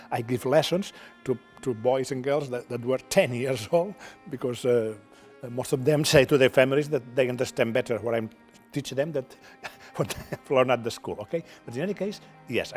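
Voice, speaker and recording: An older man from Catalonia, a native Catalan speaker with a Catalan accent, answering interview questions in halting English, repeating words and ending thoughts with "okay?". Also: medium pitch, darkish tone. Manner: halting, repeats words, frequent "okay?" tags, laughs often. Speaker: television producer, guest.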